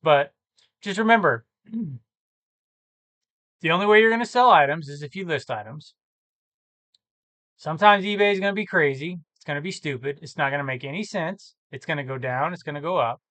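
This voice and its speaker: Man, reseller vlog, casual screen walkthrough, self-correcting, slightly high voice. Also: expressive, moderate pace, long pauses, fairly bright tone, dry recording. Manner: thinks aloud, muttering numbers, self-correcting. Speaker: reseller vlogger.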